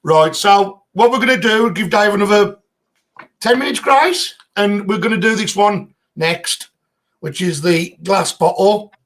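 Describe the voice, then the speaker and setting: A man's voice: high voice, a little slow, fairly bright tone. A man hosting a live stream, chatty and affectionate. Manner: chatty, affectionate, laughs often. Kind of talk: casual live-stream chat.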